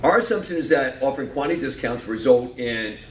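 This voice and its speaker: A man's voice: medium pitch, a little fast. Joking man giving a conference talk, echoey. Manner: lively, joking, quizzes the audience. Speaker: conference speaker. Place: conference room. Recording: echoey hall from far off, faint noise.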